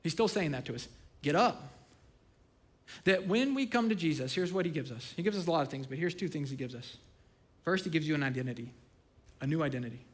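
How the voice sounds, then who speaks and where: A man in his thirties delivers a sermon in a casual, storytelling manner, his voice sitting a little higher than most men's. He swings from loud, excited bursts down to quiet, hushed asides. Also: fast. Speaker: pastor.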